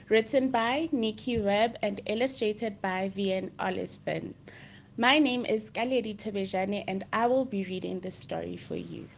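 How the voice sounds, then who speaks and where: A woman reading a children's story aloud for a library story hour, clear and gently paced. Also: medium pitch, normal speed, a little hiss or hum.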